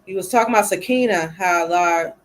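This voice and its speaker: A woman's voice: fairly low pitch, quick pace. A woman co-host chiming in with teasing, laughing remarks in a casual chat.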